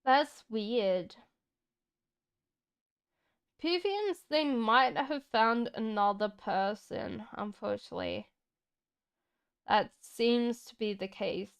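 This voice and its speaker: A woman's voice: on the high side, animated, slow, creaky, pauses often, clear, resonant tone. A woman doing a casual tarot reading on a live stream, chatty and reassuring, answering viewers from the chat and laughing often. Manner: talks straight to viewers in chat. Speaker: tarot reader.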